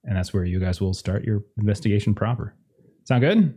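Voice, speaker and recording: Lively-voiced male game master. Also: on the low side, brisk, husky. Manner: relaxed, loose, searching for words. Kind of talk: narrating a tabletop game.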